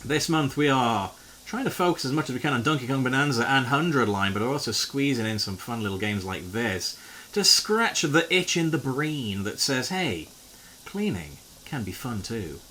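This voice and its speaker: Lively, bright-voiced male streamer. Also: medium pitch, normal speed, slight background noise. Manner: animated, joking, swears freely. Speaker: variety streamer. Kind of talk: casual live-stream chat to viewers.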